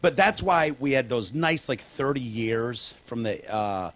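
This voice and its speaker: A man's voice: medium pitch, expressive, measured pace, fairly bright tone. A man with a Detroit accent co-hosting a casual comedy podcast, sarcastic and prone to acting out little voices. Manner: sarcastic, acts out voices in bits. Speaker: podcast co-host.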